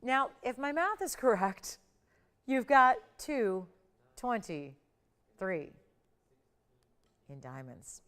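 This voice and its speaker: Smooth-voiced woman hosting a jewelry sale. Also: fairly high pitch, big pitch swings, extremely slow, long pauses, a bit bright. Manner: chatty, enthusiastic sales patter with playful price build-ups. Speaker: shopping channel host. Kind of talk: live TV jewelry selling.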